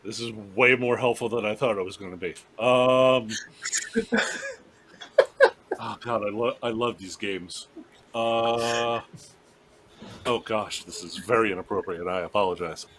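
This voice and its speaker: Bright-voiced man playing a tabletop game. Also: fairly low pitch, unhurried, long pauses, a little hiss or hum. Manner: joking, speaks to the dead in character. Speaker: player. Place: online voice call.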